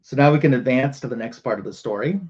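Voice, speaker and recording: A man's voice: mid-range voice, quick pace, darkish tone. Man, livestream host, casual comic recap, filler-heavy storytelling, muffled stream audio. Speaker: show host.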